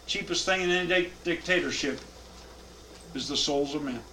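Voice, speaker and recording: A man's voice: fairly high pitch, normal speed, bright, forceful tone, a little hiss or hum, poor audio. A man teaching a Bible class, reading scripture aloud with emphatic cadence and then explaining it.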